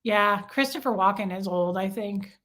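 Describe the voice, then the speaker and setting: A woman's voice: medium pitch, normal speed, fairly bright tone. A woman hosting a livestream, chatting casually and gushing as she reads out viewer comments. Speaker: livestream host.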